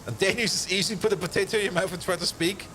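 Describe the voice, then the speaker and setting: High-pitched man, casual stream chatter, laughs a lot, faint background hiss. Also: steady tone, fast, fairly bright tone. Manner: joking, rambling, laughs often. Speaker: game streamer. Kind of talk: casual live-stream chat.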